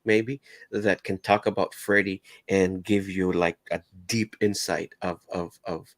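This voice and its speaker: A man hosting a casual interview, halting and repeating words as he gets started. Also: low voice, steady tone, dry recording. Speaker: host.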